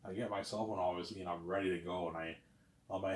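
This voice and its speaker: A man's voice: low-pitched, fairly even intonation, fast talker, reverberant. A man talking in a casual, rambling monologue, repeating himself and tagging lines with "obviously". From lives in Quebec, Canada. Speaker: vlogger.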